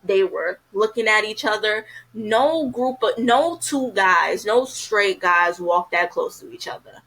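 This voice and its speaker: A woman's voice: medium pitch, expressive, unhurried, fairly bright tone, low-quality recording. A woman casually reviewing a TV episode, chatty and frank, filling her talk with "you know".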